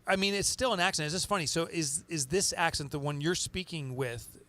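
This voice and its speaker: A man's voice: fairly high pitch, brisk, pushed and bright. A man with a New Jersey accent hosting a podcast in a loose, chatty, joking way. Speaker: podcast host.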